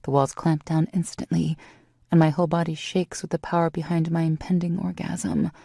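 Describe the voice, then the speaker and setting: Gravelly, husky woman audiobook narrator. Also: low voice, little pitch movement, moderate pace, mellow, no echo, clean studio sound. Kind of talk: first-person romance audiobook narration.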